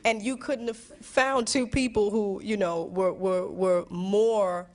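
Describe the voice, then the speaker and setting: A woman's voice: mid-range voice, fairly even intonation, slow. Woman musing to students, laughing often. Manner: warm, reflective, with restarts, laughs and acted asides. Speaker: guest speaker answering students. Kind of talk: candid talk to a high school audience.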